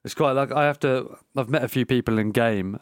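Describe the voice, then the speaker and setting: A man co-hosting a casual gaming podcast, talking in a relaxed, offhand way with casual swearing. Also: medium pitch, a little fast, dry recording, studio quality. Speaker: podcast co-host.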